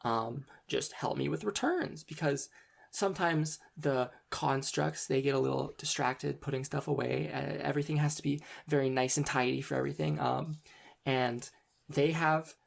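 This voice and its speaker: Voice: medium pitch, fairly even intonation, vocal fry. A game master voicing a flustered archive librarian. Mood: polite, fussy. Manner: hesitant, halting, many ums. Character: polite, flustered woman librarian keeping archives.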